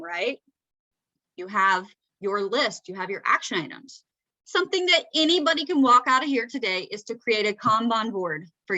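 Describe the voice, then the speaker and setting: A woman with a Southern accent presents a talk to a group in a casual, conversational way, often checking in with the listeners. Her voice is bright and sits a little high. The sound is dry and close, with no room echo. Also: muffled recording.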